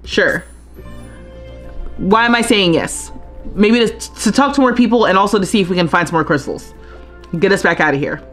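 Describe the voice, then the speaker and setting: A woman's voice: medium pitch, moderate pace, pauses often, a bit bright, soft background music. A young woman streaming a life-simulation game live, chatting and thinking aloud as she plays. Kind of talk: live gameplay commentary.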